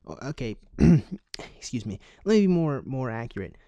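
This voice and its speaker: Sarcastic man with a dark voice. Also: medium pitch, normal speed, no room sound, dull audio. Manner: sarcastic, deadpan asides between read passages. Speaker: commentary YouTuber. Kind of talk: reading a news article aloud with comic commentary.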